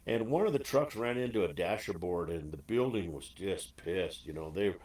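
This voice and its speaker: Animated male host in casual chat, off-mic in a roomy space. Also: deep voice, moderate pace, far from the mic. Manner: animated, loose storyteller.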